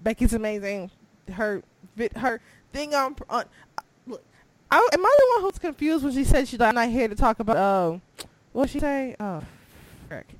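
Young woman, casual wrestling chat, excitable, laughs a lot, pitch jumps all over. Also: normal speed. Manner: excitable, laughing, swings from mumbling to squealing. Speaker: podcast co-host.

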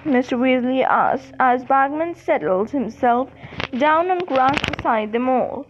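A woman's voice: sits high, expressive, measured pace, dull audio, a little hiss or hum. A woman reading a novel aloud as an amateur audiobook narrator, stumbling and correcting herself now and then. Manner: reads with restarts and self-corrections. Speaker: audiobook reader.

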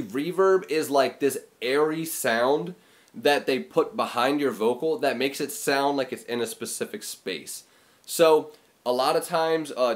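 A man hosting a casual music tutorial, talking loosely with lots of fillers and acting out sounds with his voice, recorded in a small room. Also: medium pitch. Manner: rambling, filler-heavy, demonstrates sounds with his voice. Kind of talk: casual explainer video.

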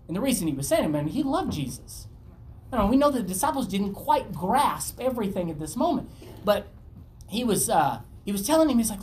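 A woman preaching a sermon, reading scripture aloud and acting out dialogue with a shifting pitch. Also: very animated, fairly quick, darkish tone, a little hiss or hum. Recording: roomy echo, distant from mic, faint ambience.

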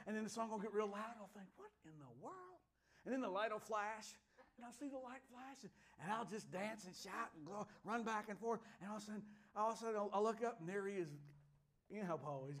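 A middle-aged male pastor preaching a sermon, chatting through stories and building to loud, exuberant praise. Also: high-pitched, a little fast.

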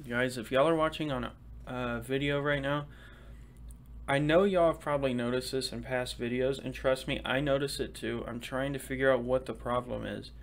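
A young man hosting a casual solo podcast, talking fast and swearing casually as he chats. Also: mid-range voice, steady tone. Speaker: podcast host.

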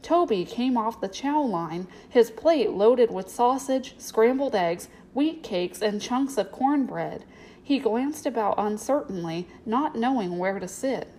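A woman reads a storybook aloud in a steady, clear, even way. Her voice sits fairly high, and the telling keeps a calm storytelling pace. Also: measured pace, a little hiss or hum, poor audio. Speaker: narrator. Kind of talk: storybook reading.

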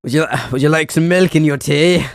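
Man voicing a dodgy host pushing tea, evasive, raised pitch, dry recording. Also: steady tone, brisk, vocal fry, smooth, no echo. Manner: evasive, repeats offers of tea, fake posh. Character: shifty older man hiding a child.

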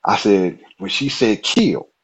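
A man telling a personal story as a podcast guest, animated and lively, acting out the dialogue. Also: fairly low pitch, slow pace, husky, highs cut off. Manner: animated, lively, exclaiming, quoting others in dialogue.

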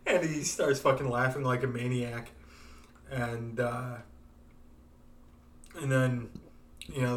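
A man's voice: medium pitch, fairly bright tone, distant mic, a little hiss or hum. A man hosting a podcast, retelling a TV episode in a loose, profane way with many fillers. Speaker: podcast host. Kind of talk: casual chat.

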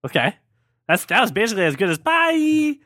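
A man's voice: high-pitched, sing-song, fairly quick, bright, forceful tone, no echo, clean studio sound. A man hosting a podcast, chatting playfully and rambling, often restarting his sentences. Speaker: podcast host. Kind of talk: casual chat.

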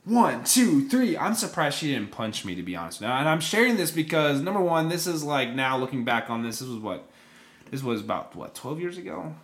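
A man's voice: mid-range voice, animated, fairly quick, fairly bright tone. A young man co-hosting a podcast, telling a story in loose casual chat, full of fillers and restarts. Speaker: podcast co-host.

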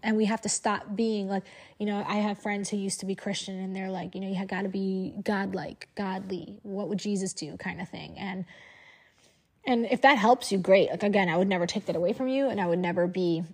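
A woman's voice: mid-range voice, fairly quick, darkish tone, breathy edge. A woman who makes online videos, speaking frankly and emphatically to camera and repeating phrases for force. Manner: frank and outspoken. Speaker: social media creator. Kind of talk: candid to-camera monologue.

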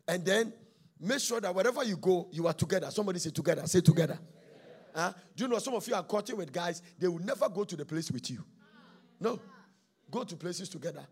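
Male preacher, high gravelly voice, dramatic sermon storytelling, hushed to shouted. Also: expressive, fast. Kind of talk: sermon on marriage.

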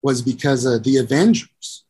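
A middle-aged man who works as a musician and producer has a mid-range, dark, husky voice and a moderate pace. Across a casual interview he spins long, rambling, profane stories, impersonating the people in them and saying "you know" again and again.

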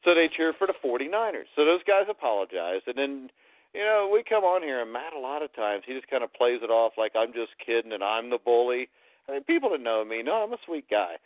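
A man's voice: mid-range voice, very animated, fairly quick, no echo. A man co-hosting a sports talk podcast, rambling and playing up mock self-pity as he banters with his friends. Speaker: podcast co-host. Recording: tinny phone-like dry line.

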